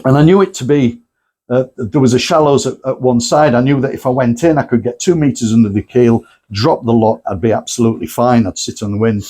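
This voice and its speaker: A man presenting at a club night, telling anecdotes in a lively way and acting out the people he quotes. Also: mid-range voice, brisk, breathy edge. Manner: lively storyteller, acts out quotes.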